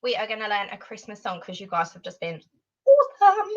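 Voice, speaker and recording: A woman leading an online Spanish lesson for children, animated and encouraging. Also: medium pitch, fairly quick, lo-fi sound. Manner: animated, encouraging, sing-song teacher voice.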